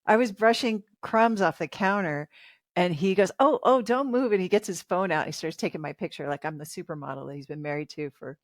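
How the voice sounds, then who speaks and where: A woman's voice: lowish voice, fairly quick, no room sound, studio quality. A woman in her fifties, a relationship author talking as a guest in a casual interview, chatty and reflective and laughing often.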